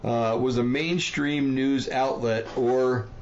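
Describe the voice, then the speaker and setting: A man from New Jersey hosting a casual livestream, rambling and heated, with many fillers and quick apologies. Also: medium pitch, steady tone, lo-fi sound, slight background noise. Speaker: livestream host.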